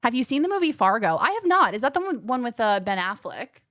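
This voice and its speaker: Young woman streamer, faint midwest/west coast accent, lively chatty, swears a bit, kinda high voice. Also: fast, no echo, studio quality. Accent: faint mixed Midwestern and West Coast American. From Illinois, USA. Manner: chatty, animated, laughs often, swears casually. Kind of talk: casual live-stream chat, reading chat aloud.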